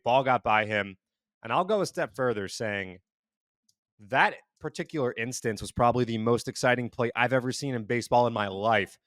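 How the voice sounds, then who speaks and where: Measured man talking sports. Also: medium pitch, a bit bright, dry recording, clean studio sound. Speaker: co-host. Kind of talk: casual sports chat.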